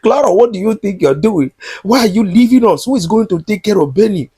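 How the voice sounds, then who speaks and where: A man plays a shameless, jobless husband who whines and begs his wife not to leave. The voice sits well above his normal pitch and is slightly husky. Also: expressive, a little fast, mellow, no echo, clean studio sound. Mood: pleading.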